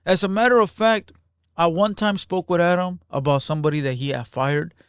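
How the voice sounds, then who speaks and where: A man's voice: sits high, a little fast, clear, resonant tone, dry recording, studio quality. A man giving casual reaction commentary in loose, emphatic street slang, peppered with "bro".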